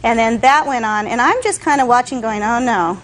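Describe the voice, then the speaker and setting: A woman's voice: on the high side, brisk, a bit bright, rough recording. A young woman testifying as a defendant in court, telling her story with animation and acting out other people's voices.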